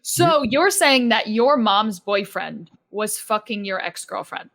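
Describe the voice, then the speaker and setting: A woman's voice: mid-range voice, animated, takes it slowly, gravelly, fairly bright tone. A woman co-hosting a podcast, asking direct questions that prompt the guest's stories. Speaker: podcast co-host. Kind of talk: interview questions.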